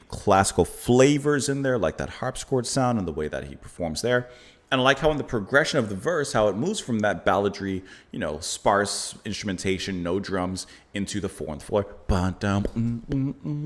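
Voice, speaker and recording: A man with a fairly low voice breaks down an album as the host of a reaction channel. His talk is casual and analytical, and his pitch rises and falls a lot as he praises the music. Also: animated, normal speed. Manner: thoughtful, analytical, admiring commentary with frequent "you know" and "like".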